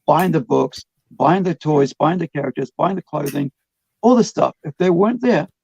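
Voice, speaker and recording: A man's voice: a little high, normal speed, gravelly, darkish tone, husky, no echo, muffled recording. A man hosting a podcast in casual chat, rambling with many restarts and fillers. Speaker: podcast host.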